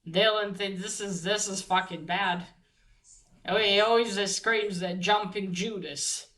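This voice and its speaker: A woman's voice: mid-range voice, fairly even intonation, measured pace, fairly bright tone, poor audio. A woman casually recapping a comic book story, swearing freely and retelling each scene with lots of fillers.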